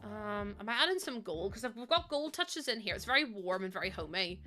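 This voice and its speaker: A woman's voice: mid-range voice, expressive, a little fast, pushed and bright, faint music behind. A young woman chatting casually on a game livestream, rambling and answering her chat. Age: young adult.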